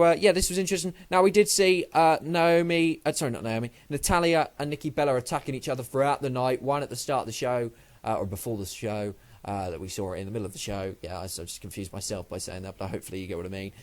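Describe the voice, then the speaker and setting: A man's voice: mid-range voice, quick pace. A man casually reviewing a wrestling show on his own channel, rambling and swearing, and sounding like he just woke up. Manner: rambling, sweary, loses his train of thought. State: sleepy, just woken up. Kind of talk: casual solo review vlog.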